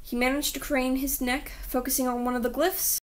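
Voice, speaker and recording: A woman's voice: high voice, level tone, fairly quick. A woman reading a children's book aloud with dramatic storytelling that dips into whispers.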